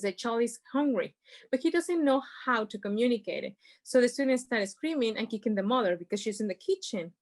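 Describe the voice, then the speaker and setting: Woman presenter over a video call, slightly high voice, explains parenting stuff with examples. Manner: explains with examples, non-native phrasing. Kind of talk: informal presentation.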